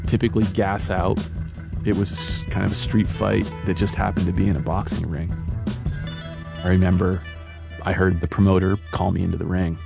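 A young adult man telling a personal story in a relaxed, casual way, with easy fillers. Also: deep voice, vocal fry. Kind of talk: personal storytelling over music. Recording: guitar music behind voice.

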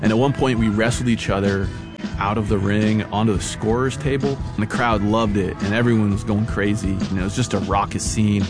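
A young adult man telling a personal story in a relaxed, casual way, with easy fillers. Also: fairly low pitch, a little fast. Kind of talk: personal storytelling over music. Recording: guitar music behind voice.

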